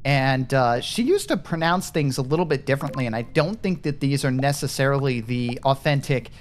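Brisk and lively in intonation, his medium-pitched voice carries a streamer's casual commentary on a party game with friends. He wanders from point to point, thinking aloud and drifting off mid-thought.

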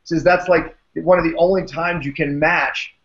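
A man's voice: a little high, fairly even intonation, moderate pace, fairly bright tone. A man hosting a health show, talking energetically with a guest and often adding "right?". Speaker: show host. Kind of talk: interview conversation. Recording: dull lo-fi sound.

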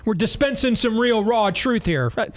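Talk-show host, male, high voice, emphatic and sarcastic. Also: expressive. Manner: emphatic, rapid-fire, sarcastic riffs.

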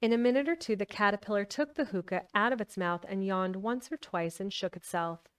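A woman live-streams a book reading, narrating a novel and chatting casually with viewers in a smooth, medium-pitched voice at a fairly quick pace. She's chatty and laughs often, and she sits far from the mic.

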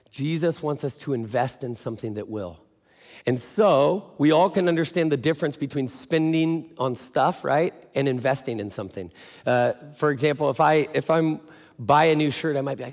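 A man's voice: a little high, moderate pace. A male pastor giving a sermon in a casual, joking storytelling way. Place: church. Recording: echoey church hall.

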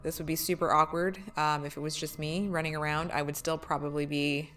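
A woman's voice: sits low, level tone, a little fast, a bit bright. A woman streamer talking casually with her viewers, joking and swearing freely.

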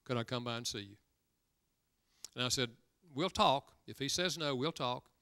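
Older male preacher, folksy storyteller, clear crisp voice, dry close recording. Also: mid-range voice, normal speed, bright, forceful tone, no echo. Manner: folksy storyteller, acts out dialogue with rising emphasis. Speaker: guest preacher. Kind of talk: sermon with storytelling.

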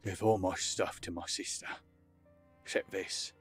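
A man voicing a dying male dwarf major in an audiobook, with a husky, gasping, slurred voice. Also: low-pitched, fairly even intonation, unhurried, faint music behind. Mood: weak. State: dying, out of breath. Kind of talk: audiobook character voice.

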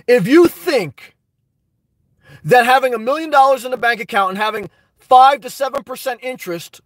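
A man with a very high voice, recorded dry, hosts a YouTube live stream. He reads out viewer comments and responds with emphatic, fired-up advice.

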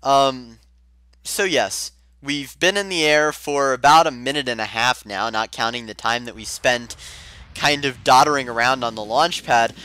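A man giving game commentary in a high-strung, excitable manner, using a playful affected voice. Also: measured pace, clean tone, dry recording, poor audio. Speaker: gameplay video host.

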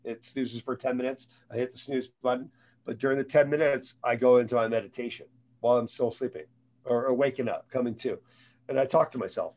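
A man's voice: mid-range voice, steady tone, fairly quick, a little mellow, a little hiss or hum. A man who is a guest, giving casual advice on mindset, rambling and often repeating words and restarting sentences. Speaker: guest speaker on sales and mindset.

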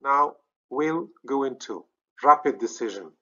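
A man's voice: medium pitch, lively intonation, measured pace, a bit bright, dull audio. A man with a Moroccan accent teaching a recorded grammar lesson, explaining step by step, often checking "okay?" and correcting himself. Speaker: English teacher.

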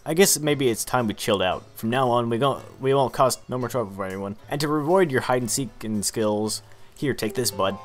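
A man's voice: mid-range voice, fairly quick, soft background music, lightly acted. A man voicing a cocky young boy who leads a gang in a video game, with swaggering, taunting talk.

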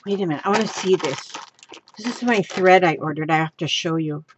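A woman's voice: on the low side, a little fast, highs cut off, noisy background. A woman making a casual craft vlog at home, gushing and exclaiming over her supplies. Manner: gushing, excitable, exclaims often. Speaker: craft vlogger.

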